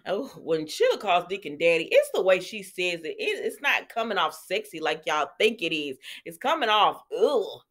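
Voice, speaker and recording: A woman casually recapping a soap opera episode for her channel, chatty and animated, with lots of fillers as she tells the story. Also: on the low side, normal speed, hardly any pauses. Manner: animated storyteller, acts out lines, many fillers.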